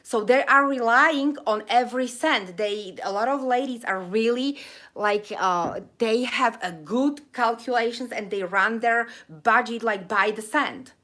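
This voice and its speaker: A woman's voice: fairly high pitch, unhurried, fairly bright tone. A woman hosting a live stream who gets emotional and heated, speaks with a noticeable accent and breaks off to read her viewers' chat. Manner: emotional, ranting, speaks with an accent she calls funky. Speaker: livestream host reading viewer chat.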